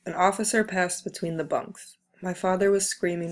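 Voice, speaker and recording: A woman reading a book aloud in a measured, steady way. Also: lowish voice. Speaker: reader.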